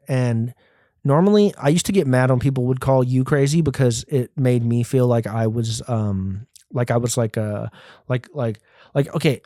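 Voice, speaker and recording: A man's voice: medium pitch, a little mellow, no room sound, studio quality. A man in his twenties hosting a solo podcast, rambling, profane and self-deprecating. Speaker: podcast host. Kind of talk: casual solo podcast monologue.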